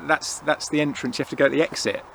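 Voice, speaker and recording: Flustered woman shop clerk, put on by a British man, raised voice, halting. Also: on the high side, steady tone, vocal fry, fairly bright tone, a little hiss or hum, voice pushed up, poor audio.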